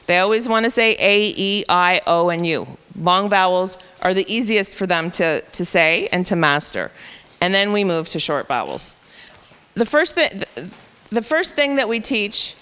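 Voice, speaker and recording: A woman teacher with a medium-pitched, slightly bright, smooth voice explains a reading intervention program step by step at a professional development session. Her delivery is explanatory, talking through the teaching steps, and a long reverb tail follows her words.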